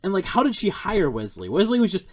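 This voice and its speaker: A young man hosts a casual podcast chat about a film. His pitch jumps around a lot. He talks bluntly, swears freely, and stays animated throughout. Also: quick pace. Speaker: podcast host.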